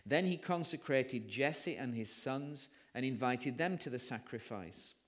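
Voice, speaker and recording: A man's voice: medium pitch, lively intonation, unhurried, fairly bright tone. A man with an English accent giving a sermon, telling a story and reading scripture aloud. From England. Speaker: preacher.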